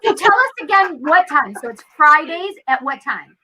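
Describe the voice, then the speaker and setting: A woman co-hosting a radio talk show, telling a story in an animated, chatty way. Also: high-pitched, normal speed, rough recording. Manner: animated, chatty, says "literally" and "I'm like". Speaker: radio co-host. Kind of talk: casual chat, storytelling.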